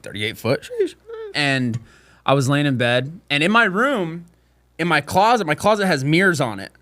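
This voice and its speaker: A man's voice: on the high side, sing-song, moderate pace, bright, forceful tone, no echo. A man co-hosting a podcast in casual chat, crude and laughing, acting out voices as he tells stories. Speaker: podcast co-host.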